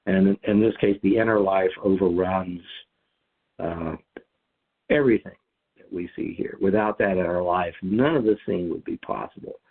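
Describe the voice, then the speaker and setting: A man's voice: sits low, moderate pace, husky. A man leading a lectionary podcast discussion, reflective and thinking aloud with frequent restarts. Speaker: discussion leader. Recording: tinny phone-like line.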